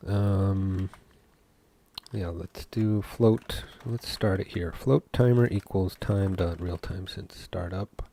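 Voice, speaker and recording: A man, a game developer, talking through his code as he works, thinking aloud with pauses and fillers. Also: deep voice, mellow. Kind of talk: live coding commentary.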